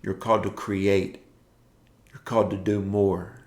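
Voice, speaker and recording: Gravelly-voiced preacher man exhorting. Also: lowish voice, flat delivery, measured pace, darkish tone, roomy sound. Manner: exhorting, repetitive declarations. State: yawning, tired from early rising. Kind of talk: morning devotional sermon.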